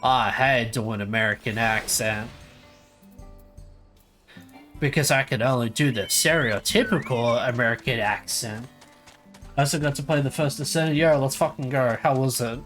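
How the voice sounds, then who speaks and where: A male game streamer talking bluntly and casually, swearing freely as he plays. His voice sits at an ordinary mid pitch. Soft music plays quietly behind him. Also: moderate pace.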